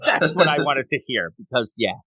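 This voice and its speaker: A man hosting a podcast, recapping a manga chapter in a lively casual chat and laughing often. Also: medium pitch, normal speed, no echo. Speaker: podcast host.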